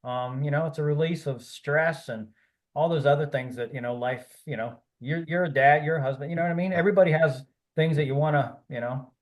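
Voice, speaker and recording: A man's voice: a little high, brisk. A man talking as a podcast guest, rambling and encouraging, with many fillers and restarts. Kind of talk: casual interview talk.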